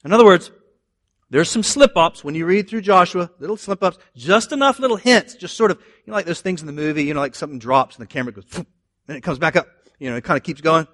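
A man preaching a sermon in an animated way, moving between loud emphasis and quiet asides. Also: on the high side, fast, dry recording, studio quality. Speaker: pastor.

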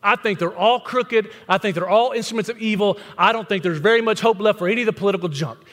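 High-voiced man preaching blunt sermon. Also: fast talker, a bit bright. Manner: blunt, conversational preaching with rhetorical questions. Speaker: pastor. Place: church sanctuary with congregation. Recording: long hall reverb.

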